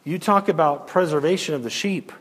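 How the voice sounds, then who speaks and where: An emphatic man preaching an expository sermon, with a high-pitched voice. He fires off rhetorical questions and at times drops to a near hush. His voice carries a long reverb, as in a large hall. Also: brisk, breathy edge.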